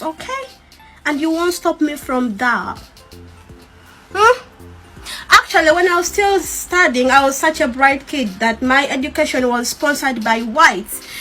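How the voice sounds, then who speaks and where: Defiant tiktok woman, high bright voice, repeats herself, faint music. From Uganda. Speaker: TikTok creator. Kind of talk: defiant talk to camera.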